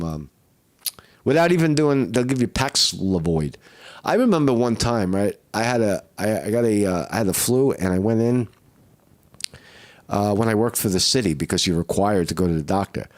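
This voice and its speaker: A man who is sick with the flu, with a rough throat, rambling and swearing in a casual live-stream monologue and often asking "right?". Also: sits low, animated, brisk. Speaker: vlogger.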